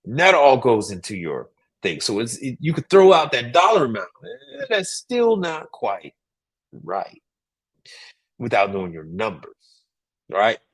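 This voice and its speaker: Man, livestream host, emphatic, repetitive, mid pitch. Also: wildly swooping pitch, unhurried, pauses often, slightly rough. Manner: emphatic, repetitive, asks "right?" often. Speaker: livestream host giving business advice. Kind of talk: casual livestream talk.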